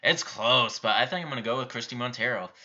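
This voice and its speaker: Young guy doing a stream q&a, bright edgy voice, blunt quick answers, kinda muffled lo-fi audio. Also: medium pitch. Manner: offhand, reads out questions and answers bluntly. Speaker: YouTube channel host answering viewer questions. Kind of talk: casual live-stream Q&A.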